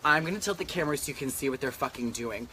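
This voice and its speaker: A man's voice: mid-range voice, expressive, very fast, pushed and bright, a little hiss or hum. A man, a drag queen hosting a casual chat on a back deck, talking in a sassy, campy and profane way into a handheld camera. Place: outdoor back deck in humid rainy weather.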